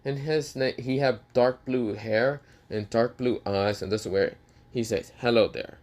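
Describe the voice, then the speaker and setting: A man improvises a fan story aloud, stopping often to restart with fillers. His voice is average in pitch. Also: fairly even intonation, a little slow, darkish tone. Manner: hesitant, many fillers and restarts.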